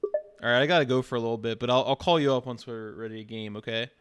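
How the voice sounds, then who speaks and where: A man's voice: mid-range voice, fairly even intonation, fast talker, a bit bright, smooth. A man live streaming, chatting casually and teasing, often laughing.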